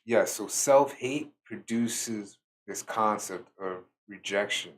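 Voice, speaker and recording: A tired man giving a slow, reflective solo talk as a spiritual teacher, pausing often with fillers. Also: on the low side. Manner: slow, musing, with many fillers.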